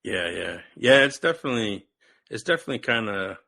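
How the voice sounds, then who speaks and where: A man's voice: on the low side, sing-song, a little fast, gravelly, bright, forceful tone, no room sound, studio quality. A man hosting a wrestling podcast, talking casually with lots of "like" and frequent laughter. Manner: rambling, heavy use of "like", laughs often.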